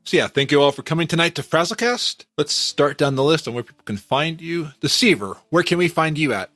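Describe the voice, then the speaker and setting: A man hosting a casual podcast, easygoing and quick with short approvals. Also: fairly high pitch, expressive, a bit bright, dry recording, faint music behind. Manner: easygoing, often says brief approvals. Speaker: podcast host. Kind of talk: casual chat.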